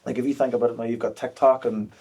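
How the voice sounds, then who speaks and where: A man's voice: medium pitch, flat delivery, racing, warm tone, husky. A man in his thirties, a podcast guest talking openly and frankly, with plenty of fillers and restarts. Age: 30s. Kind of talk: candid podcast conversation.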